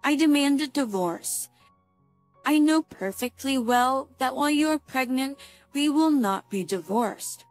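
Calm sarcastic husband, voiced by a woman, slow, dry sound, soft music behind. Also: high-pitched, dry recording, voice pushed up.

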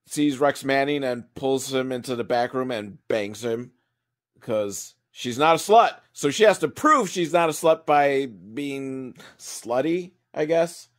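A comedic reviewer delivers a sarcastic movie recap monologue, rambling, profane, and mocking. He speaks in a mid-range voice at a slow pace.

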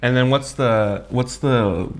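A man's voice: medium pitch, slow pace. A young man co-hosting a mukbang, chatting casually, teasing and laughing often. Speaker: co-host of a mukbang channel. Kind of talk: casual chat while eating.

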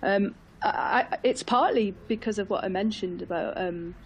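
A woman's voice: medium pitch, moderate pace, a little hiss or hum, rough recording. A woman from England, chatting as a football pundit on a radio phone-in. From North East England. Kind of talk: casual studio chat. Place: radio studio.

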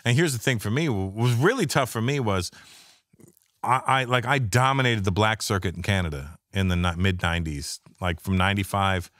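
A man, a stand-up comedian, telling stories in a casual podcast talk, animated and profane, acting out the people he quotes. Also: on the low side, normal speed, dry recording, studio quality.

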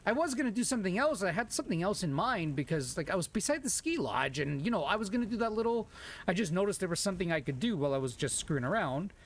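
A man giving excitable gameplay commentary into a desk microphone, swearing and shouting exclamations at enemies. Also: sits high, quick pace. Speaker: gameplay video host. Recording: loud gunfire from game audio. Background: game sounds, gunshots and clicks.

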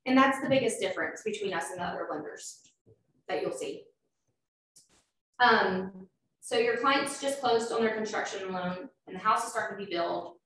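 A woman's voice: medium pitch, normal speed, a bit bright. A woman, a loan officer giving an informal presentation, explaining steps with frequent fillers. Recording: echoey room, far from mic, faint noise.

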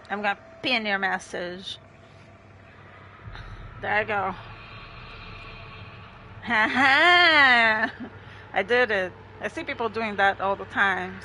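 Giggly woman streamer, bright voice. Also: medium pitch, slight background noise. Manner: giggly, chatty, thanks chat often. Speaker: game streamer. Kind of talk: casual livestream chat.

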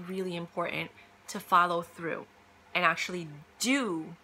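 A woman's voice: mid-range voice, sharp tone, a little hiss or hum. A woman talking casually and emphatically, giving career advice with lots of fillers and quoted asides. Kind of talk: casual motivational monologue.

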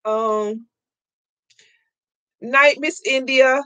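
A woman hosting a live crafting stream from home, loud and excitable, chatting with viewers and laughing often. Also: sits high, drawn-out words, clean tone, no room sound. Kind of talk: casual live-stream chat, reading viewer comments.

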